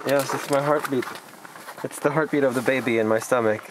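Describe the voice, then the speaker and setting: A man, a singer-songwriter chatting casually at his rural winter home, joking in a deadpan, playful way. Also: medium pitch, fairly quick. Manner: playful, deadpan jokes, laughs often. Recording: loud background noise, roomy and off-mic at times.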